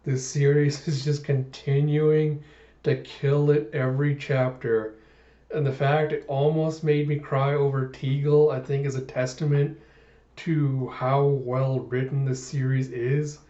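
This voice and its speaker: Man, casual rambling host, dark mellow voice, echoey room. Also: medium pitch, little pitch movement, a little slow. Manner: rambling, many fillers. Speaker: manga read-through YouTuber. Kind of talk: casual chat to camera. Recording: dull, echoey home recording.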